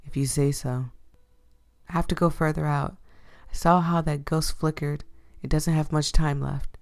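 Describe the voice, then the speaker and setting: A woman's voice: low-pitched, steady tone, normal speed. A woman voicing a grumpy, brooding young male ghost-catcher in a visual novel, curt and dry. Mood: somber.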